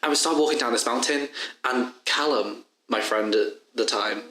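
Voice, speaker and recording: Young Scouse guy, podcast co-host, animated storyteller, recorded in a roomy space. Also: medium pitch, normal speed, slight background noise. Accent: Liverpool. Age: young adult. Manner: animated, laughing, swears freely. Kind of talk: casual storytelling chat. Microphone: badly placed mic. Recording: echoey room.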